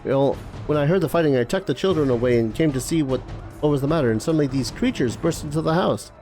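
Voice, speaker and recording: A man's voice: on the high side, animated, fast talker, mellow, faint music behind. A man voicing a worried middle-aged village mother in a game, reading her lines plainly.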